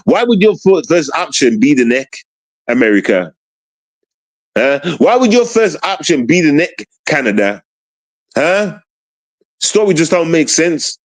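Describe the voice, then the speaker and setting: A man rants on a livestream. He talks in street slang, says most lines twice and pushes his point hard. His voice sits a little high. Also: sing-song, measured pace, long pauses. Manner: repetitive, confrontational street slang. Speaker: streamer. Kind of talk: casual ranting livestream.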